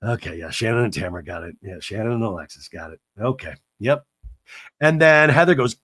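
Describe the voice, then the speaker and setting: A man hosting a podcast, recapping a reality show with rapid, sarcastic asides. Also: fairly low pitch, expressive, a bit bright, dry recording. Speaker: podcast host. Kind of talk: comedic TV recap.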